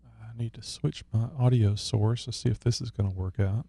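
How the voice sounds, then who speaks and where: Male podcast co-host, gravelly, rambling and joking, dry close mic. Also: on the low side, fairly even intonation, moderate pace, mellow, dry recording. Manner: joking, rambling, fiddles with his setup while talking. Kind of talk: casual chat.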